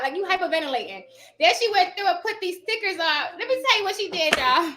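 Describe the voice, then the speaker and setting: High, lively chatty woman. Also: fast talker. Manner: chatty, storytelling, addresses viewers as y'all. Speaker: notary signing agent vlogger. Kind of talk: casual chat to viewers.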